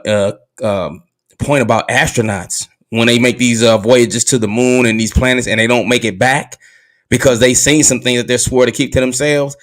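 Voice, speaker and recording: A man hosting a podcast in casual conversation, laid-back and candid with slang, recorded in a car. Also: mid-range voice. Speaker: podcast host.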